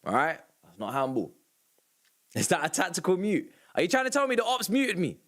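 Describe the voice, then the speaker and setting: Male football reaction streamer, high voice, sarcastic, loud and swearing. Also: wildly swooping pitch, fairly quick. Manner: sarcastic, exasperated, swears, shouts at refereeing calls. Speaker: livestream host reacting to a football match. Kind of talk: live match reaction stream.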